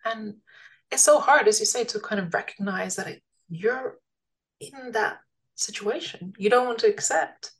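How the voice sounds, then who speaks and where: A woman's voice: fairly high pitch, measured pace, rough recording. A woman hosting an interview podcast, asking thoughtful questions and reflecting on her own experience. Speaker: podcast host.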